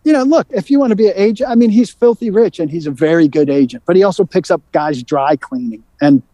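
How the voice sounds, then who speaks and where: A male sports reporter recounts a run-in on a sports talk show, his voice sitting a little high yet dark and mellow in tone. He talks fast and animated, stumbling over restarts as he gets worked up. The sound is dry and close, with no room around it. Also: no echo. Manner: animated storytelling, quick and worked up, with many restarts. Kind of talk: casual sports radio talk.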